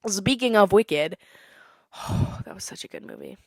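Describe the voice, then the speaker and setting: A woman's voice: medium pitch, huge pitch swings, a little slow, gravelly, no room sound, studio quality. A young woman, possibly a teenager, hosting a casual solo podcast, chatty and opinionated, sometimes breaking into song. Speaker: podcast host.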